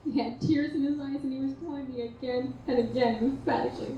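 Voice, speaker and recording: A woman's voice: high-pitched, fairly even intonation, a little fast, hardly any pauses, warm tone, dull audio. Tender woman giving an echoey eulogy. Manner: heartfelt, tender storytelling. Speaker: partner of the deceased giving a eulogy. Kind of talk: memorial eulogy and toast. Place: memorial gathering indoors. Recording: echoey room, distant mic, background noise.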